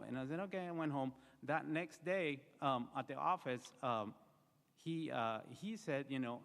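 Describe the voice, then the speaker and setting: At a memorial service, a man gives a heartfelt, story-rich eulogy with many fillers. His voice is fairly high, gravelly and a bit bright, at a normal speed, recorded in an echoing hall.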